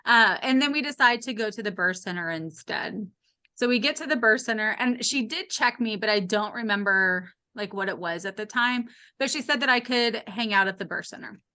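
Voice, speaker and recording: Her voice is on the high side and moves at a normal speed. As a podcast guest in her late thirties or forties, she tells a personal tale casually and frankly, with dry, wry wit, bringing the people in it to life by animatedly imitating their voices.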